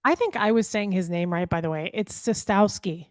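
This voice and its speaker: A woman's voice: fairly low pitch, expressive, fast, no room sound. A woman co-hosting a casual live stream, making dry, teasing remarks and exasperated asides. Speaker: livestream co-host.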